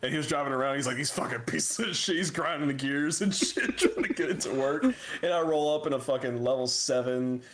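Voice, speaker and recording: Young dude on a podcast, cussing a lot, telling stories all worked up, regular mid voice. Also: male voice, mid-range voice, a little fast. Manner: profane, animated storytelling. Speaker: podcast co-host. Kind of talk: casual chat.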